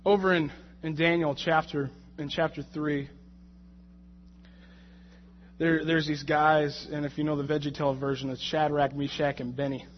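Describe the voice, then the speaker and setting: Guy preaching casual, tells a jokey story, slightly high voice, gets loud and worked up, kinda dull muffled sound. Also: normal speed, slight background noise. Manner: animated, jokey storytelling with rising, shouted anger in the retold moments. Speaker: lay preacher. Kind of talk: conversational sermon with a personal story.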